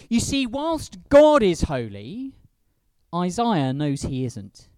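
A man's voice: sits high, very animated, slow, darkish tone, clear, resonant tone, no echo. A man leading a church service and preaching, acting out quoted lines with big rises in his voice. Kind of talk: sermon.

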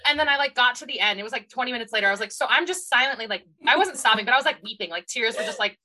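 Brief: young female podcast co-host, bright and upbeat, slightly high voice, lively storyteller. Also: rapid-fire, poor audio. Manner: animated, laughing storyteller. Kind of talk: casual chat.

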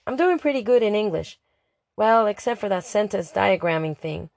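A woman's voice: medium pitch, lively intonation, normal speed, gravelly, darkish tone, dry recording, studio quality. Woman narrating a chatty diary. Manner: chatty, dramatic, exasperated. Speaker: audiobook narrator. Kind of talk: first-person diary narration.

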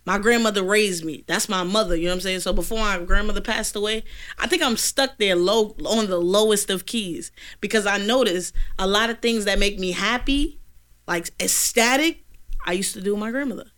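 A young woman in a candid chat, speaking slangy and halting, often restarting as she opens up about her feelings. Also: medium pitch, a bit bright.

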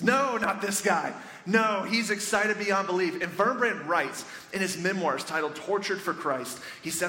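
A man preaching a sermon as pastor, telling the story with animated excitement, in a church sanctuary. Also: high-pitched, moderate pace. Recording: echoey church hall with reverb, faint ambience.

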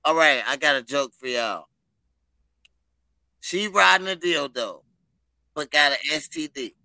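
Casting: blunt joking man, gravelly, sharp and bright tone, dry close sound. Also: fairly high pitch, lively intonation, a little slow, no echo, poor audio. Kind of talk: casual chat.

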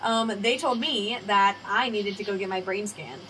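On poor audio with faint background noise, a young woman's mid-range voice sounds pushed and bright at a moderate pace. As a podcast host she tells stories in a rambling, casual way, swearing freely and impersonating the people she quotes.

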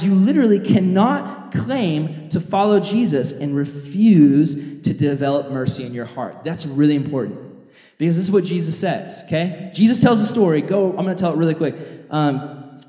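A man preaching a sermon in a loose, energetic storytelling way, recorded in a large hall. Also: a little high. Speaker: pastor. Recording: echoey hall reverb.

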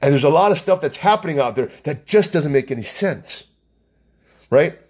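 A man's voice: fairly high pitch, lively intonation, moderate pace, breathy edge. A man ranting about politics in an agitated, angry way, often repeating himself. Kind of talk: heated political rant.

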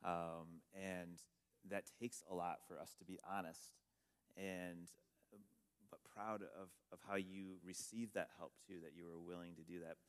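A pastor speaking gently and affirmingly to a church member, pausing often with small hesitations. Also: male voice, low voice, flat delivery, clean tone. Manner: gentle, affirming, halting with fillers. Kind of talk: sermon interview.

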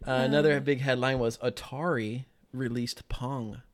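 A man's voice: mid-range voice, steady tone, a little slow. A man co-hosting a casual true-crime podcast from a small home loft, rambling loosely with lots of fillers. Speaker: podcast co-host.

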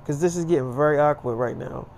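A man's voice: a little high, fast, creaky, darkish tone. A man voicing a blunt young woman who curses and speaks curtly, in a casually told story. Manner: curt, cursing, defensive.

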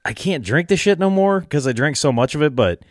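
A man's voice: on the high side, lively intonation, a little fast, no echo. Laid-back cursing man, dry sound. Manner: swearing, laughing storyteller. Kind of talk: casual chat.

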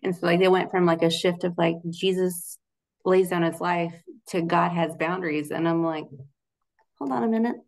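A woman's voice: on the low side, level tone, moderate pace. A young adult woman in a casual interview, talking in a chatty, loose way with many "like" fillers and frequent laughs. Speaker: guest, Christian relationship coach.

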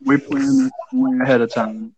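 A man's voice: medium pitch, huge pitch swings, moderate pace, gravelly, a little mellow, poor audio. A man co-hosting a podcast in casual chat, teasing in a dry way. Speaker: podcast co-host.

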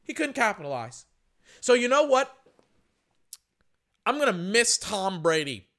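Hoarse, passionate man ranting about sports. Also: high voice, sing-song, unhurried, fairly bright tone. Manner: passionate and emphatic, heavy repetition. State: hoarse, losing his voice. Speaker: podcast host. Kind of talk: sports opinion rant.

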